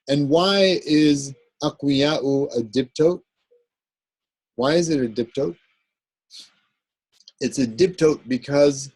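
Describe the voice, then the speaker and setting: A man's voice: on the high side, darkish tone, breathy edge, no room sound, low-quality recording. A man teaching an Arabic grammar class, explaining step by step and often checking with the class. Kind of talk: classroom lecture.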